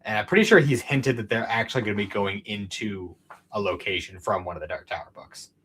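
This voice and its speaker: A man's voice: on the low side, lively intonation, fairly quick, a bit bright, breathy edge. A man co-hosting a casual podcast chat, talking in a rambling way with plenty of fillers. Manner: chatty, rambling with many fillers. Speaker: podcast co-host.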